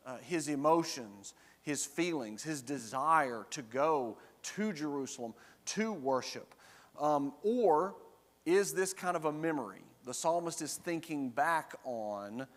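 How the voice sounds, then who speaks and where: Male Bible study teacher, a little high-pitched, conversational, explains verse by verse, church room with long reverb. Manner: explains verse by verse, checks in with the class with "right?". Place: church classroom.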